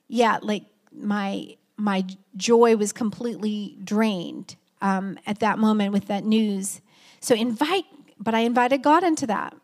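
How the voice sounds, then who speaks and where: A middle-aged woman pastor preaching a heartfelt, conversational sermon in a church, with a friendly "y'all" manner. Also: fairly high pitch. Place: church sanctuary.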